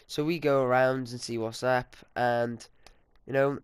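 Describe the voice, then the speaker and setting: A man's voice: mid-range voice, fairly even intonation, measured pace, clear, resonant tone, dry recording. A sixteen-year-old boy telling a rambling, indignant, sweary story to his viewers. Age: teens. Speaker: vlogger. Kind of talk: casual storytime.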